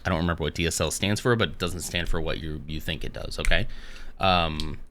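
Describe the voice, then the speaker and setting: A man's voice: sits low, a little fast, a bit bright, slight background noise. A man hosting a casual live stream, rambling along between dad jokes. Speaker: livestream host.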